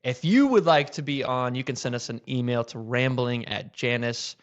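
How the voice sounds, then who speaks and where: A man's voice: mid-range voice, moderate pace, dull audio. A man co-hosting a casual livestream, chatty and easygoing, reading viewer comments aloud.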